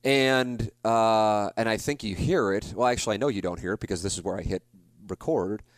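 A man's voice: on the low side, fairly quick, no room sound. A man in his forties, a sports broadcaster, telling a story alone on his podcast in a rambling, confessional way, full of restarts and self-blame. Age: 40s.

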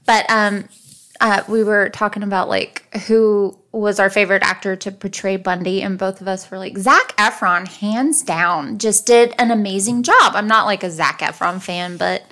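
A woman hosting a true-crime podcast in casual chat, talkative and quick to laugh. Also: mid-range voice, pushed and bright. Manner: chatty, digresses, laughs easily. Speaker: podcast host.

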